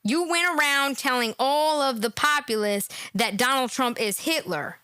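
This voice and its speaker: A woman's voice: high-pitched, normal speed, sharp tone, clean tone, no echo. An American woman hosting a reaction commentary show, talking in a sarcastic, mocking way and mimicking the people she reacts to. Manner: mocking, exasperated, mimics guests.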